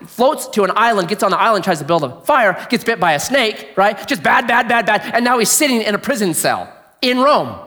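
In a somewhat high voice with wide swings in pitch, a male pastor preaches an animated sermon at a slightly quick pace. He tells stories with energy, poses questions to the congregation, and drops to a quiet hush whenever he wants to drive a point home.

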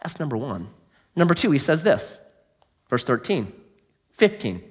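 A male pastor delivers an animated sermon in a fairly high voice that rises and falls widely. He quizzes the congregation and sinks into a quiet hush when he drives a point home. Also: unhurried, long pauses. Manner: animated storyteller, asks the audience questions, drops to a hush for emphasis.

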